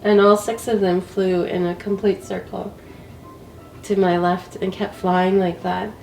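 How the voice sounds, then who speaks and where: A woman's voice: medium pitch, unhurried, creaky, reverberant, recorded from a distance, faint music behind, rough recording. Woman with a cold, telling a story. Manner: animated, laughing storyteller. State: sick with a cold. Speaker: interview guest, walker. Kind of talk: casual storytelling.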